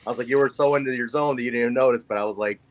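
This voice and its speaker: This is a man in his forties telling a story on a podcast, talking casually and loosely. He acts out the people in his anecdote as he goes. His voice sits at an ordinary middle pitch. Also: rapid-fire, rough recording. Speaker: podcast co-host.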